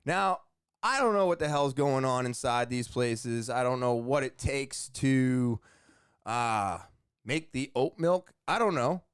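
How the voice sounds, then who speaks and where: A man's voice: mid-range voice, lively intonation, takes it slowly, smooth, no echo, studio quality. A young man hosting a solo podcast, telling a casual story with jokes and filler words. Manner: rambling, joking, many fillers and asides. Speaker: podcast host.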